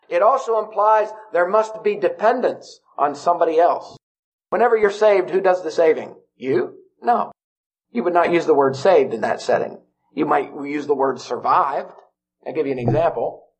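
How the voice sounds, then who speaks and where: A man preaching a gospel sermon, telling stories and asking his listeners questions, climbing into urgent pleading and then dropping to quiet emphasis. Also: a little high. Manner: conversational storytelling with rhetorical questions. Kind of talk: evangelistic sermon.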